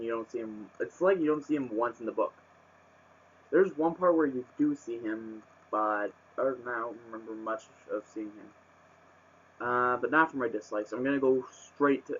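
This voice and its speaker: A man's voice: medium pitch, fairly bright tone. A man reviewing a book in a casual vlog, rambling with lots of fillers and restarts, and bursting into exasperated rants. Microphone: webcam microphone. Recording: muffled webcam audio.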